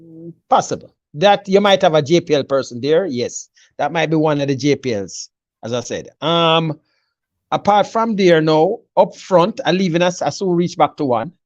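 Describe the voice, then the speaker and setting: A man's voice: a little high, expressive, moderate pace, dry recording, lo-fi sound. A man with a Jamaican accent in a casual sports chat, confidently breaking down a team selection and mixing patois with English. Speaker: football pundit.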